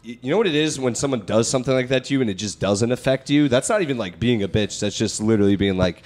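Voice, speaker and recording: A man's voice: medium pitch, fast, darkish tone. Give me a podcast host, a man who talks casually and tells profane, rambling stories. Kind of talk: casual storytelling chat.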